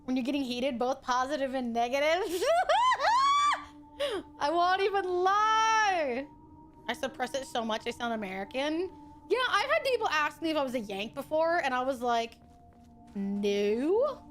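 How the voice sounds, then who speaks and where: A woman streaming a horror game and joking with friends on a call, swearing freely and laughing loudly. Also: sits high, expressive, fast talker, faint music behind. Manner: profane, joking, loud laughs. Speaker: VTuber streamer. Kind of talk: casual gaming stream chat.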